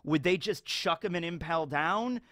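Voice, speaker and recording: A man giving casual commentary as a YouTuber, rambling and animated, with lots of filler words. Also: on the high side, measured pace, no echo, clean studio sound.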